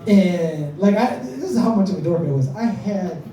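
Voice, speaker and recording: A man's voice: sits high, expressive, moderate pace, warm tone, slight background noise. A man telling a comic story to a live crowd, chatty and self-mocking, often laughing through his lines. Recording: echoey room, mic far off.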